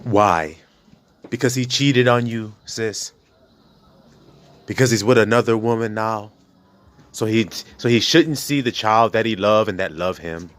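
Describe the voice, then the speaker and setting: A man's voice: lowish voice, measured pace, long pauses, fairly bright tone. Impassioned, blunt male preacher. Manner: impassioned, blunt and profane, with rhetorical questions. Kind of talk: preaching to a congregation.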